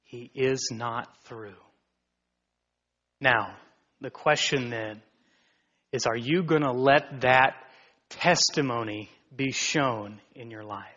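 Bright-voiced man preaching a dynamic sermon. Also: mid-range voice, slow pace, pauses often. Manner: dynamic, swinging from loud exclamations to near whispers. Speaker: pastor. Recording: dull recording in a reverberant hall.

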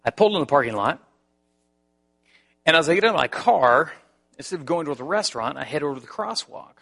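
A male pastor preaching a sermon and telling a personal story in an animated way. His voice is bright and forceful. He often restarts his phrases as he goes. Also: a little high, fairly quick, vocal fry, slightly rough.

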